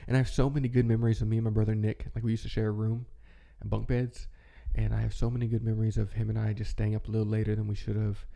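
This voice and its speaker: Low gravelly man, rambling and nostalgic. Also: flat delivery, very fast, few pauses, mellow. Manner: rambling, filler-heavy, nostalgic. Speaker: channel host. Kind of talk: relaxed reminiscing monologue.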